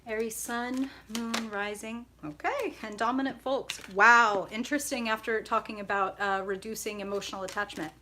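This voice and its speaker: A woman's voice: fairly high pitch, steady tone, moderate pace, few pauses, sharp tone, slight background noise. A woman hosting a live tarot stream, bubbly and chatty, greeting viewers by name and laughing often.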